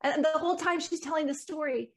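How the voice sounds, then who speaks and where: A woman in a casual conversation, telling stories in an animated, emphatic way. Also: high voice, fast talker. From United States. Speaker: guest.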